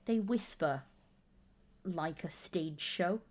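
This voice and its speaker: A woman's voice: lowish voice, slow. A woman co-hosting a casual chat, talking about her family in a chatty, self-mocking way. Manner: chatty, self-mocking, bursts into loud mock shouting. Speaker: podcast co-host, mother.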